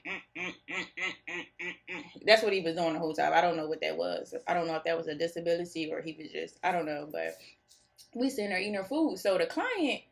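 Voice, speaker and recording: A young woman tells a story to her followers in a goofy, laid-back way. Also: lowish voice. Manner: goofy, laughs easily, animated retelling. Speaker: vlogger telling a story. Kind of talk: casual storytime chat.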